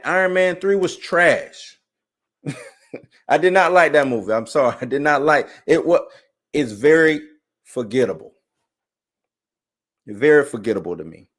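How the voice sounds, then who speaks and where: A young adult man hosting a live online show, talking in a relaxed, animated way and often asking "you know what I'm saying?". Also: on the high side. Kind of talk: casual live-stream commentary.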